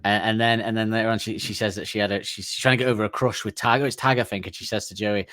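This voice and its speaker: A man chatting on a podcast, his voice sitting a little low and sounding dry and close to the mic. He rambles through scenes he loves, restarting his sentences and laughing as he goes. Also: steady tone, fast, a bit bright, dry recording. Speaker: podcast co-host. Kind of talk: casual chat.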